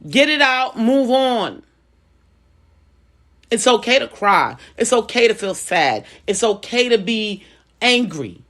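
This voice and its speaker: This woman's voice is fairly high and fairly bright, with big swings in pitch, and she takes her time, leaving long pauses. Speaking casually in a vlog, she offers life advice in a conversational, preachy manner, often repeating phrases.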